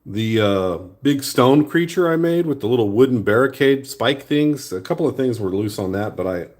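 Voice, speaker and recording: A man's voice: medium pitch, normal speed. A man making an art vlog, chatting casually and rambling easily as he sculpts a small creature. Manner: relaxed, rambling talk while working with hands. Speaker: art vlogger. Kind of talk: casual chat while sculpting. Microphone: new phone.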